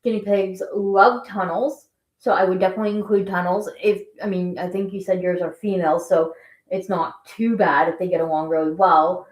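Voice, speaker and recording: A Canadian woman who hosts a guinea pig channel chats and rambles on a casual live stream, answering viewer questions. Her voice is lowish and steady at a moderate pace, recorded in an echoey room.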